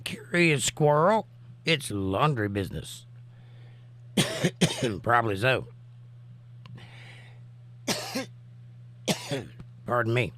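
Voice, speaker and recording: A man's voice: mid-range voice, huge pitch swings, extremely slow, pauses often, a bit bright. A man hosting a casual livestream, chatting and reading viewers' comments aloud, his voice still recovering from a cough. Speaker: livestream host. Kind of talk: casual live-chat commentary.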